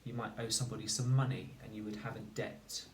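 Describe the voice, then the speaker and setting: A man teaching a phonics lesson, slowly and carefully sounding out each word for young learners. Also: on the low side, steady tone, slight background noise. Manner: slow, deliberate, sounding out words. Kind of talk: recorded spelling lesson. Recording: echoey room, mic at a distance.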